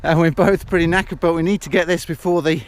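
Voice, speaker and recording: A man's voice: on the high side, fairly even intonation, fast, a crowd in the background. A middle-aged English man, out of breath, chatting and laughing as he vlogs while walking up a hill outdoors. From England. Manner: chatty, self-mocking, laughs often. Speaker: vlogger. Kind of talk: casual outdoor vlog chat. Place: hillside outdoors. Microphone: handheld camera.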